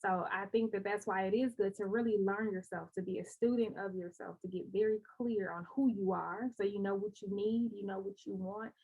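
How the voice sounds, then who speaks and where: A woman's voice: mid-range voice, steady tone, brisk, hardly any pauses, a little mellow, breathy edge, poor audio. Reflective woman podcast co-host. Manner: reflective, coaching tone, rhetorical questions. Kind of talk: casual chat.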